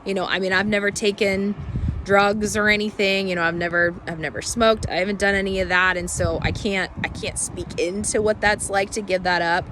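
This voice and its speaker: A woman speaking hoarsely from a cold, talking candidly and haltingly in an unedited personal vlog. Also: medium pitch, steady tone, noisy background. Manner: rambling, halting, candid and reflective. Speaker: vlogger.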